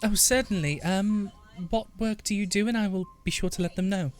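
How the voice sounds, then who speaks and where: A man's voice: high-pitched, moderate pace, faint music behind, pitched above the performer's own voice, close to an everyday voice. A man voicing a courteous young human woman on the staff of a masquerade party. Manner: courteous, formal.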